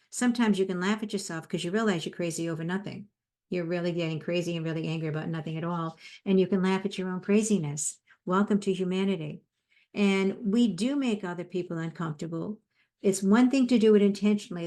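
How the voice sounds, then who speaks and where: This woman, 50 or older, speaks in a lowish voice with a dark tone. A psychotherapist, she delivers a motivational talk in a conversational manner, sharing stories from her own life.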